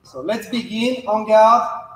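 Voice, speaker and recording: A man fencing coach leading a follow-along footwork class, giving calm, measured instructions and counting out drills as he moves. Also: high voice, slight background noise. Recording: echoey hall reverb.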